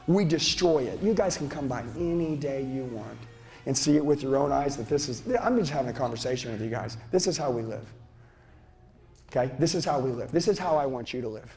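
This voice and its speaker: High-pitched, intense male sales trainer. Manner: intense, profane, shouting and lecturing. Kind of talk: motivational seminar speech. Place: seminar room with live audience. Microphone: handheld mic.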